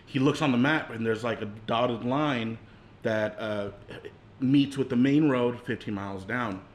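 A man co-hosting a podcast, recapping a movie in relaxed, slangy chat with casual swearing. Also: mid-range voice, measured pace. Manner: laid-back, slangy, swearing. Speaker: podcast co-host.

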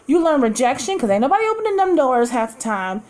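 High-voiced chatty woman podcaster. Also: sing-song, fast, a little mellow. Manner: candid, chatty, laughs often. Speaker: podcast host. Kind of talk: casual chat. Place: at home.

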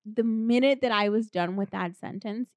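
A woman's voice: mid-range voice, normal speed, no echo. A young woman co-hosting a podcast, telling a story in a chatty way full of "like" and "you know.". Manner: chatty, full of fillers, laughs often. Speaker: podcast co-host. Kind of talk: casual storytelling chat.

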